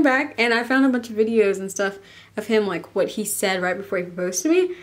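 A woman's voice: medium pitch, lively intonation, brisk. A young woman, chatting to camera in a casual, bubbly and emotional way. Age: young adult. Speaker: vlogger.

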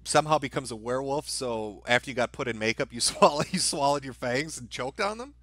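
A man hosting an interview, asking questions in a casual, quick way. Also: medium pitch, lively intonation, fairly bright tone, dry recording. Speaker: host.

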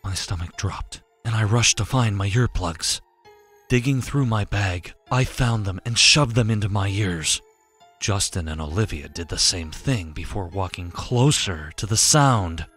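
Slow, low-voiced male horror narrator. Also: a bit bright. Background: faint background music.

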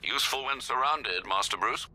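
An actor playing a loyal older butler in a video game, formal and polite with a dry wit. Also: male voice, medium pitch, moderate pace, sharp tone, rough recording. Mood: courteous.

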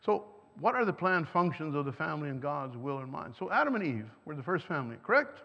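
A man's voice: on the high side, very animated, fast. An older man whose first language is German, teaching a sermon to parents in a church and putting questions to the audience. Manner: questions the audience, chuckles between points. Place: church hall. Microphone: microphone. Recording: echoey hall, dull lo-fi sound.

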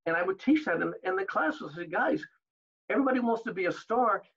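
An older man telling stories as an interview guest, animated, acting out the exchanges he recalls. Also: high-pitched, fast talker, husky, muffled recording. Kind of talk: storytelling in an interview.

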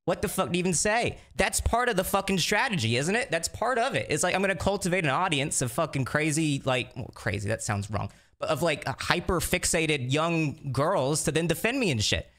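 A man's voice: fairly high pitch, animated, a little fast, few pauses, fairly bright tone. A young man streamer venting on his livestream, frustrated and profane, restarting his sentences again and again. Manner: frustrated, repetitive, profane ranting with many restarts. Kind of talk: livestream commentary.

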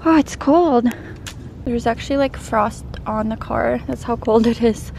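Young woman, mom vlogger, high-pitched, casual chatty, sing-song baby talk, slight hiss. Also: unhurried, creaky, darkish tone. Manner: sing-song coaxing voice with her child, plain chatty narration to camera. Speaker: vlogger, stay-at-home mom. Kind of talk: casual vlog narration and talking to her toddler.

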